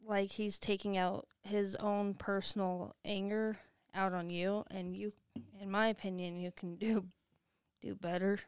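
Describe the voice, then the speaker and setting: A woman's voice: medium pitch, little pitch movement, measured pace, smooth, dry recording. A woman co-hosting a podcast in casual chat, blunt and supportive. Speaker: podcast co-host.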